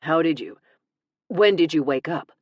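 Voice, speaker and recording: Brief: woman narrator doing a no-nonsense older dad, low and blunt, in a dry studio read. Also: animated, measured pace, dry recording, lo-fi sound. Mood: puzzled. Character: fit blond older adoptive father.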